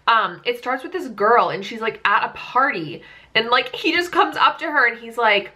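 A woman's voice: on the high side, expressive, normal speed, bright, forceful tone. A woman in her twenties chatting casually to camera as a book vlogger, peppering her talk with "like" and amused disbelief. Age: 20s.

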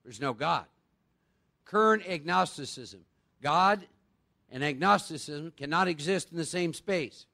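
High-voiced gravelly man giving a talk. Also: expressive, measured pace, bright, forceful tone. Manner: conversational, quizzes the audience with rhetorical questions. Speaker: recovery workshop speaker. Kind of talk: live workshop talk.

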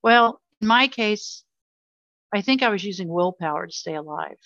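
A woman's voice: medium pitch, expressive, moderate pace, fairly bright tone, dry recording. Earnest, impassioned middle-aged woman, dry lo-fi audio. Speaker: interview guest. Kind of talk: emotional personal interview. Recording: slightly dull lo-fi audio.

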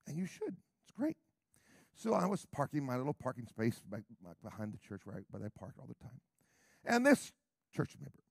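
A man's voice: mid-range voice, very animated, moderate pace, gravelly, pauses often, slightly rough, no room sound, clean studio sound. Brash, sarcastic American man preaching. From United States. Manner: sarcastic, brash, shifting from quiet asides to shouting. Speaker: pastor. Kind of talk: sermon.

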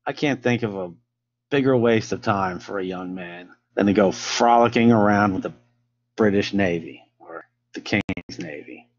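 A man's voice: lowish voice, moderate pace, highs cut off, lightly acted. A man voicing a stern older father who dismisses his son's plan to travel. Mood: dismissive.

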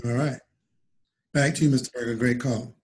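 A man's voice: medium pitch, fairly even intonation, moderate pace, slight background noise, rough recording. A man speaking on a team conference call as a leader, earnest and direct, addressing everyone like family. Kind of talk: call-in remarks.

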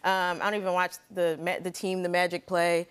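A woman in her thirties, a talk show guest telling an animated story, laughing as she goes and acting out the people in it. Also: on the low side, a little fast, background noise. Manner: lively, laughing storyteller doing voices. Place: TV studio with live audience.

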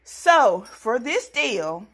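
A woman chatting casually and excitably to her viewers about her coupon deals. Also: a little high, very slow, a little hiss or hum. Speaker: couponing vlogger. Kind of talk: casual deal-hunting vlog.

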